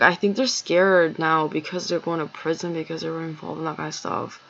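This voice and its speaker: A woman's voice: sits low, little pitch movement, fairly quick, vocal fry, a bit bright, dull audio. A woman telling a long, rambling story in a casual monologue, swearing often and sounding agitated.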